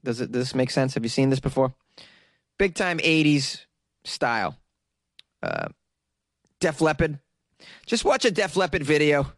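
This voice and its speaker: A man's voice: fairly high pitch, wildly swooping pitch, unhurried, pauses often, no room sound, clean studio sound. A young man from Massachusetts hosting casual news commentary, with joking, sarcastic asides. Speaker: host.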